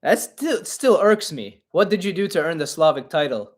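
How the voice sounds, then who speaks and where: A man's voice: fairly high pitch, sing-song, normal speed. A young man with a Russian-Ukrainian family background hosts a casual live-stream Q&A, answering questions in a blunt, profane, mock-indignant way. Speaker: podcast host and comedian.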